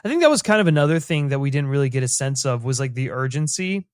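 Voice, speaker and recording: A man's voice: mid-range voice, lively intonation, quick pace, smooth, dry recording, clean studio sound. A man co-hosting a casual TV recap podcast, rambling and thoughtful, with lots of "like" fillers. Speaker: podcast co-host.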